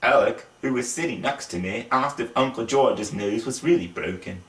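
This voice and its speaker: A man's voice: medium pitch, normal speed, reverberant, far from the mic. A man reading a children's story aloud in a put-on British accent, voicing each character as he goes. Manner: lively, voices the characters. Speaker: reader of a children's book.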